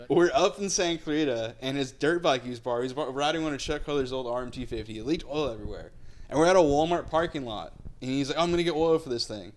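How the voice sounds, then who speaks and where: A young man telling a story in casual chat, swearing often and jumping up high and loud when he acts out shocked reactions. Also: fast.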